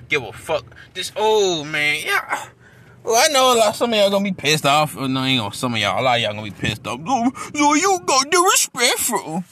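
An angry man ranting profanely while driving his car, shouting at times. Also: medium pitch, a little hiss or hum. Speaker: vlogger.

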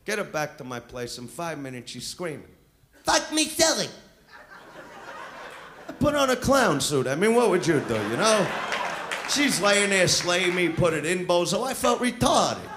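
A man's voice: high-pitched, big pitch swings, moderate pace, noisy background. A male stand-up comedian with a brash, crude, swaggering delivery on a comedy club stage. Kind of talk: live stand-up set. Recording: live club recording with crowd laughter.

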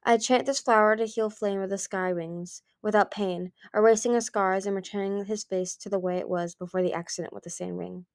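A woman reading the part of an ancient male dragon who speaks gently and politely, with a quiet menace, in an amateur storybook reading. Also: medium pitch, fairly even intonation, fairly quick, few pauses, dry recording, clean studio sound, close to an everyday voice. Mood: calm.

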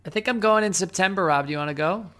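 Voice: mid-range voice, fast, sharp tone. A podcast co-host in casual chat, teasing and wry with sarcastic quips.

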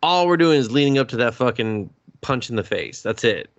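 A man's voice: medium pitch, expressive, fairly quick, highs cut off. A man co-hosting a podcast in casual chat, ranting in an exasperated, profane way. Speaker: podcast co-host.

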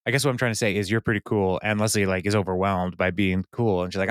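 A man's voice: deep voice, fairly even intonation, quick pace, no room sound. Guy on a podcast retelling an episode, doing little voices for lines, dry close sound. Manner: retells scenes, briefly acting out characters' lines. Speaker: podcast co-host. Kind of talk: casual recap chat.

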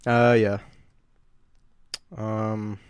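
A man's voice: fairly low pitch, flat delivery, extremely slow, clean tone. A man co-hosting a casual podcast, laughing and flustered as he fumbles through accent attempts. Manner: laughing, flustered, self-conscious. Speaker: podcast co-host.

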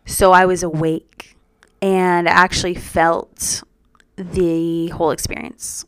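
A young woman telling her personal story as a podcast guest, earnest and reflective, in a soft-spoken way. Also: lowish voice, level tone, slow, clear, resonant tone, dry recording, studio quality.

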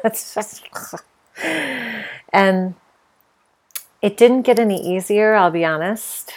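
A middle-aged woman hosts her own podcast in a reflective personal monologue. She speaks candidly and with feeling, often reaching for fillers. Her voice sits slightly low. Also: steady tone, slow pace, pauses often. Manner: candid, emotional, with many fillers. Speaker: podcast host.

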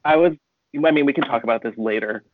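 A man's voice: mid-range voice, fast talker, no room sound. Man on a tinny phone-like line. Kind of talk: casual chat.

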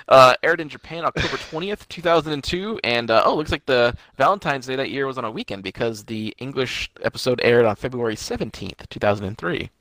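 A man co-hosts a podcast with a bright, forward voice, joking and swearing as he reads out details. The sound is dry and close. He keeps a casual, teasing chat going. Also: mid-range voice, expressive, brisk, no room sound, poor audio. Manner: jokey, swears, reads titles out. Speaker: podcast co-host.

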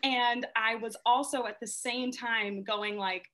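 A woman stage actress, a podcast guest, telling stories in casual chat, animated and laughing often, with lots of "like". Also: a little high, takes it slowly.

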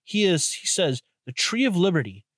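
A man's voice: high-pitched, big pitch swings, normal speed, a bit bright, no echo, studio quality. A young man hosting a solo podcast, talking loosely and bluntly with lots of restarts and crude asides. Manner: loose, rambling and profane, with many restarts and "you know". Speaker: podcast host. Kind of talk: casual solo podcast monologue.

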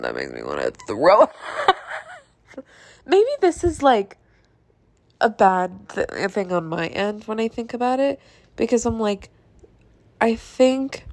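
A young woman hosting a podcast, telling a story in a casual, chatty monologue with swearing, sighs and laughs, exasperated and animated. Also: mid-range voice, no echo. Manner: animated, exasperated, drops to mutters. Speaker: podcast host.

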